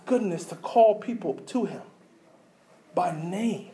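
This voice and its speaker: A man with a high voice preaching a sermon. He fires rhetorical questions at the listeners, repeats key words for emphasis, and drops into quiet low asides between loud points. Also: slow pace. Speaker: pastor.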